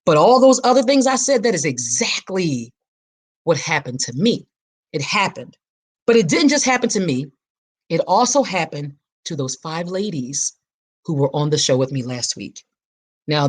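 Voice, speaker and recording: A woman in her forties hosting a podcast, talking in an emphatic, preacher-like way and repeating her key phrases. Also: deep voice. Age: 40s. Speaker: podcast host. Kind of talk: personal reflective podcast talk.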